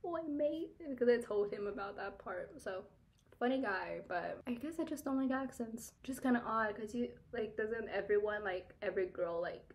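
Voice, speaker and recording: A young adult woman from Kansas, a beauty vlogger, talks at normal speed in a mid-range voice while doing her makeup. She's blunt and chatty, laughs often, and fills her speech with "like."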